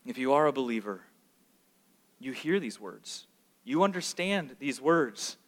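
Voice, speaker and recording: A man preaching a sermon as pastor, animated, sometimes acting out the voices of complaining children. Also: medium pitch, unhurried. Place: church sanctuary. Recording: long reverb of a large hall.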